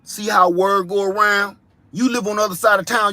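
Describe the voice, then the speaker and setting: Animated male vlogger from Ohio, slangy comic rants, pitched high. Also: normal speed, no echo. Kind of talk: comedic monologue.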